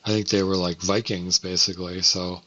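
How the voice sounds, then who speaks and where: A man's voice: low voice, flat delivery, normal speed, highs cut off, crowd noise. A man co-hosting a podcast, explaining history at length in a casual, talkative way. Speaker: podcast co-host. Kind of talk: casual chat.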